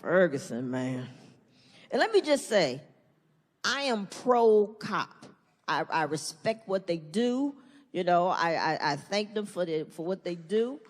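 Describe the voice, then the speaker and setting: A middle-aged woman performing a profane stand-up comedy set, animated and shifting into high acted-out voices. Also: moderate pace. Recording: live hall reverb, faint room noise.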